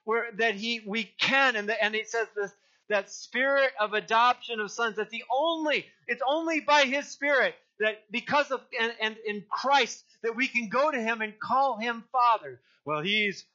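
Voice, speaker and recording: Earnest older male pastor, bright high voice. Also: normal speed, lo-fi sound. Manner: earnest, rambling with many restarts and crying-out emphasis. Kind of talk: sermon.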